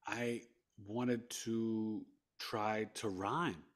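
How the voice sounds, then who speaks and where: A man from New York with a New York accent, a podcast guest telling his story in an animated way, acting out quotes and often laughing. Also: on the low side, extremely slow.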